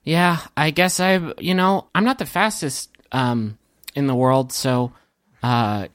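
A man's voice: mid-range voice, fairly even intonation, slow, fairly bright tone, no echo, clean studio sound. Man doing a hesitant, meek lawman. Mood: sheepish. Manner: hesitant, self-deprecating.

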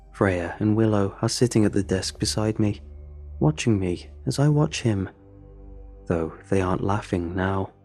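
A man narrates a first-person horror story in a low, dark and husky voice. His telling is measured and brooding, with faint music under it.

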